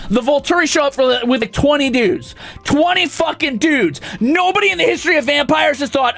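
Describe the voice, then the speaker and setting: A man's voice: very high-pitched, sing-song, a little fast, creaky, few pauses, fairly bright tone, faint music behind. A man streaming, ranting in an exasperated, profane and sarcastic way.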